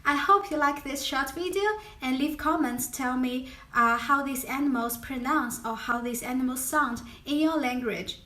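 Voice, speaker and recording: A woman's voice: sits high, moderate pace, hardly any pauses, bright, forceful tone. A young woman with a Chinese accent, a native Chinese speaker, hosting her own casual vlog in a playful way. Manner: playful, imitates animal sounds between explanations. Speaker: vlogger. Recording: roomy echo.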